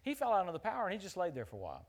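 A middle-aged man preaching, his voice sitting a little high for a man. He moves from booming, emphatic declarations to low, confiding storytelling, and he chuckles easily between points. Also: very fast, husky. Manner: animated, laughs at his own stories. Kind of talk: sermon.

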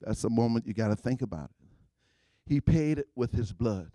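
A man preaching a sermon in call-and-response style, repeating phrases and swinging between loud outbursts and hushed lines. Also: medium pitch, lively intonation, moderate pace, dry recording. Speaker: guest preacher.

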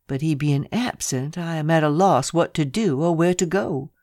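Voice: moderate pace, no echo, studio quality, lightly acted. A reader voicing a cool, businesslike young secretary. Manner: low, steady, businesslike delivery. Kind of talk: audiobook character reading.

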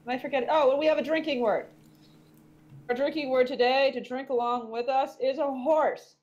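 A woman's voice: sits high, steady tone, a little fast, darkish tone, dull audio. A woman hosting a casual podcast, crude and self-mocking, swearing freely. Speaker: podcast host.

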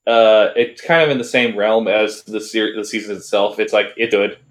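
Low-voiced man rambling through an anime review. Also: steady tone, moderate pace, reverberant. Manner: rambling, hesitant with many fillers and restarts. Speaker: podcast co-host. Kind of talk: casual anime review chat.

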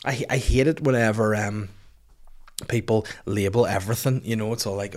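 A man's voice: fairly low pitch, moderate pace, a little mellow. A tired man in his thirties hosting a solo podcast, talking in a profane, rambling comic way into a podcast mic. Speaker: podcast host. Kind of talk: casual solo podcast rant. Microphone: podcast microphone.

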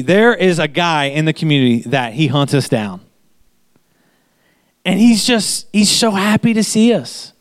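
A man's voice: high-pitched, dry recording. A man pastor giving a chatty sermon, telling anecdotes and repeating phrases for emphasis. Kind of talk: conversational sermon.

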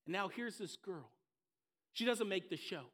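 High-voiced man preaching emphatically. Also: normal speed. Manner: emphatic preaching with repeated phrases; storytelling, dropping soft for low moments. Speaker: pastor. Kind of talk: sermon.

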